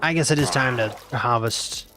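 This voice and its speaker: A nineteen-year-old VTuber speaks at a normal pace in a mid-range voice while casually chatting on a live gaming stream, music playing in the background. He teases his viewers and repeats lines in exaggerated mock outrage.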